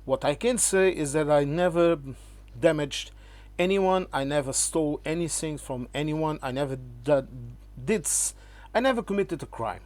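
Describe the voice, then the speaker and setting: A man's voice: a little high, moderate pace, a little mellow. A man, talking straight to the camera to rebut critics in an emphatic, lecturing way. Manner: lecturing, keeps asking "okay?"; emphatic, addresses the viewer as "my friend". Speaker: channel host.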